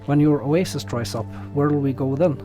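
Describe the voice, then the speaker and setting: A man's voice: on the high side, normal speed, mellow, faint music behind, close to an everyday voice. A man reading as a stubborn country fellow. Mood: insistent. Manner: folksy, plain-spoken reading. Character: stubborn rural man arguing to climb.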